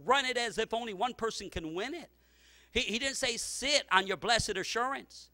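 A pastor preaching a sermon, telling stories with many repeats and restarts, and climbing to loud shouted lines. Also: male voice, very high voice, normal speed. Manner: storytelling preacher, repeats words, rising to shouts.

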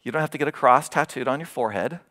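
A man preaching a sermon as pastor of his church, expressive, his voice climbing as he retells a scripture story and dropping low to stress a point. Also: rapid-fire.

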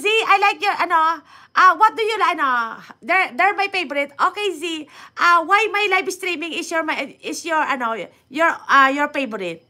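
A woman with a Filipino accent hosting a casual livestream, reading viewer comments aloud and answering them in halting English mixed with Tagalog, with many fillers. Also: high-pitched, sharp tone. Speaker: livestream host.

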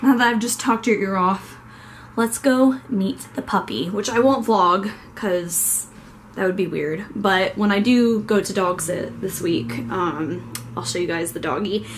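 A woman's voice: medium pitch, unhurried, a little hiss or hum. A young woman from Ohio vlogging casually, rambling along with many fillers. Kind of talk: casual chat. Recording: echoey room with faint ambience.

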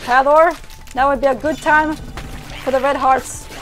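A woman streaming a video game live, reacting loudly and often while she plays. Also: high-pitched, moderate pace. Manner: excitable, frequent exclamations while playing. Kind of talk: live gameplay commentary. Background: game music.

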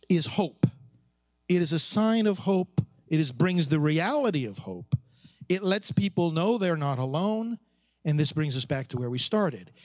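A priest preaching at a conference, emphatic and preacherly, asking rhetorical questions and repeating key phrases. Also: male voice, sits high, no echo, clean studio sound. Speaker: priest addressing a pro-life conference.

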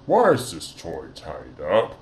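A man's voice: low voice, huge pitch swings, slow pace, pitched below the performer's own voice, exaggerated voice. Lotso, a man doing a folksy teddy bear. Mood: welcoming. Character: folksy, falsely kindly old male teddy bear. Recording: roomy echo.

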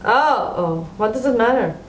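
A woman's voice: a little high, expressive, normal speed. A woman co-hosting a casual home vlog, teasing her partner and telling her what to do next. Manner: teasing, directing the other. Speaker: vlog co-host. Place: home living room indoors. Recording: echoey room with faint noise.

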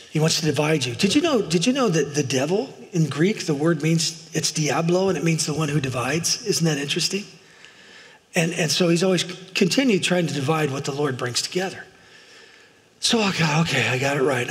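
A middle-aged man preaching as a pastor in a church, chatty and self-deprecating, often asking his listeners "right?". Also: a little high. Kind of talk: sermon. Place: church sanctuary, in front of a congregation. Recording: long hall reverb.

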